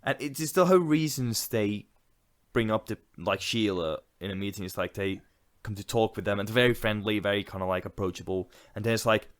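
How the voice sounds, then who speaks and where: With a lowish voice and a slightly fast pace, a man co-hosts a podcast in casual chat. He rambles loosely with lots of fillers and laughs often.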